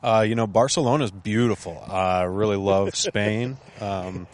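A Southern American man co-hosting a sports podcast, talking in a relaxed, hesitant way with many fillers. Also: lowish voice, a little slow. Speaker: co-host. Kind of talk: casual sports podcast chat.

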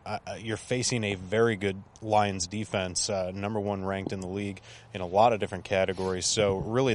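A Southern American man co-hosting a sports podcast, talking in a relaxed, hesitant way with many fillers. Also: on the low side. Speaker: co-host. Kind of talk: casual sports podcast chat.

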